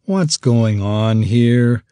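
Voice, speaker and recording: A man voicing a defensive fifteen-year-old boy who takes offense quickly. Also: mid-range voice, expressive, dark tone, clear, resonant tone, no echo, studio quality. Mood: suspicious. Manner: indignant, quick to anger.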